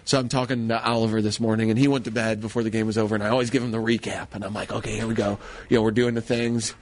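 A man co-hosting a casual talk show, telling stories in a rambling, animated way. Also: fairly low pitch, rapid-fire. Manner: animated storyteller, rambling with restarts. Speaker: co-host. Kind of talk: casual chat.

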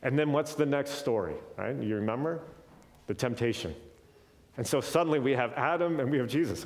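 A man preaching from Scripture in a relaxed, conversational way. He keeps checking in with his listeners and moves between quick stretches and slow, stressed points. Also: medium pitch. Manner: casual, often adds "right?" as a check-in; animated, shifting pace. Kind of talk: conversational Bible teaching.

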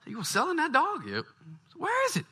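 A man putting on a squeaky, amazed joker. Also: wildly swooping pitch, fast, pushed and bright, full character voice. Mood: curious. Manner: high and breathless with amazement. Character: excitable Cajun man marveling at a talking dog.

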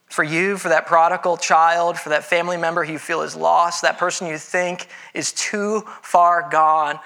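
A man preaching a sermon in a conversational way, with dramatic pauses and playful voiced asides. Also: fairly high pitch, sharp tone. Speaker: pastor.

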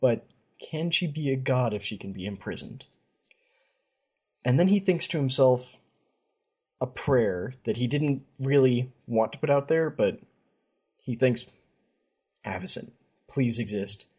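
A man's voice: mid-range voice, expressive, unhurried, long pauses, dark tone, breathy edge, highs cut off. A man hosting a podcast, casually retelling fantasy stories in a chatty way and reading passages aloud. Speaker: podcast host. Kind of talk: casual story recap.

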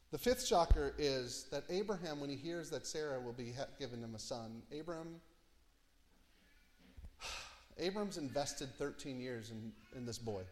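A man preaching an expository sermon, telling the story with lively asides and dropping low and quiet for emphasis. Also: in a large hall. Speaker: pastor.

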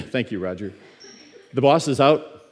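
A man's voice: medium pitch, lively intonation, takes it slowly, gravelly, slightly rough. Middle-aged male church teacher, mid-range voice, chatty stories, trips over his own words. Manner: storytelling, frequent stammered restarts and repeated words. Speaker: guest teacher in a church service. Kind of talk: conversational sermon teaching.

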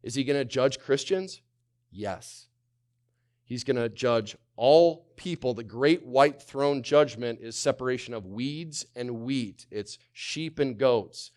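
A male pastor preaching a sermon, swinging from loud to hushed, firing rhetorical questions and calling on the congregation to answer. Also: mid-range voice, slow. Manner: asks many rhetorical questions.

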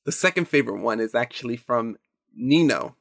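A young man co-hosting a casual movie podcast, excitable and quick to laugh, with some swearing. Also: mid-range voice, gravelly, no room sound, clean studio sound. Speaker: podcast co-host.

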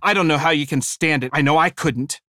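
A man's voice: a little high, fairly quick, sharp tone, dry recording, studio quality. A man voicing a scornful, disgusted woman. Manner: contemptuous, aggressive.

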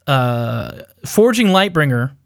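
A man's voice: medium pitch, sing-song, slow pace, gravelly, dry recording, clean studio sound. A man co-hosting a casual chat, rambling through a theory with lots of fillers and self-mocking laughs. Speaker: podcast co-host.

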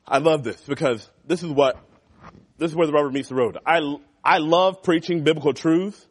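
A man who is a youth pastor, giving a sermon to teenagers in a church classroom. He talks in an animated, conversational way, swinging from loud emphasis to quiet asides. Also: medium pitch.

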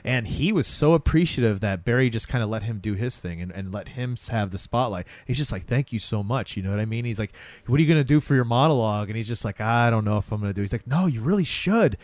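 A young man in easy conversation, retelling a show with lively bits of acted dialogue. His voice sits at a middle pitch and sounds close and dry, with no room around it. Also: fast talker, no room sound. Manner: animated, acts out characters' lines while retelling. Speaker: podcast co-host. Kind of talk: casual chat recapping a TV episode.

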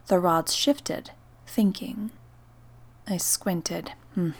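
A woman narrating a first-person story in a soft, partly whispered voice. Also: lowish voice, slow.

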